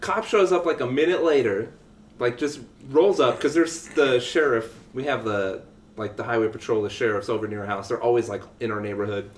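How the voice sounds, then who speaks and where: A man telling a story in casual podcast chat, animated and swearing freely. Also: mid-range voice, brisk, reverberant, slight background noise. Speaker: podcast co-host.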